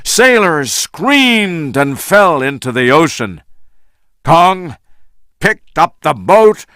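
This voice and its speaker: A man reading a story aloud for English learners, slow and deliberate. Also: a little high, clean tone, no room sound, clean studio sound. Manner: slow, deliberate, lively intonation. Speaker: story reader.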